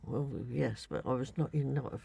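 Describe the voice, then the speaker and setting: A woman's voice: a bass voice, normal speed, creaky, a loud crowd. A woman in a casual chat, recounting her travels in a rambling way with many restarts.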